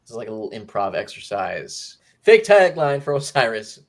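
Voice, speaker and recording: A man hosting a casual movie review chat, animated and jokey, slipping into mock voices. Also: lowish voice, normal speed, hardly any pauses. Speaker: movie review podcast host.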